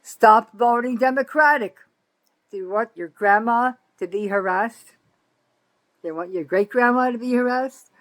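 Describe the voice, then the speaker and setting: Speaking a little slowly on poor audio, an older woman from North Jersey, USA, vlogs an angry political rant to camera. She's bitter and profane, swinging between loud outbursts and low muttering.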